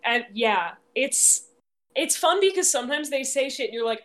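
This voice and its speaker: A woman's voice: high voice, lively intonation, moderate pace, fairly bright tone. A woman on a podcast talking emphatically and teasing her friends. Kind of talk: casual chat.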